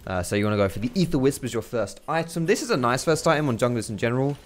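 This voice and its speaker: A young man giving casual, swearing gameplay commentary, chatty and quick to laugh. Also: mid-range voice, expressive, slight background noise. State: out of breath. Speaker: gaming commentator.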